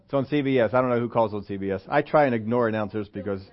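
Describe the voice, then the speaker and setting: A man preaching a sermon in a church, animated, acting out quotes and asking the congregation questions. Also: mid-range voice, racing. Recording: dull lo-fi sermon recording.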